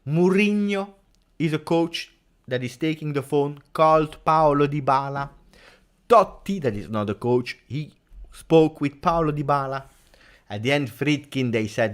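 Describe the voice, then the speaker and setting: A man's voice: mid-range voice, measured pace. A man from Italy with an Italian accent, hosting a casual fan-channel livestream and reading out viewer comments. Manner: animated, reads viewer comments.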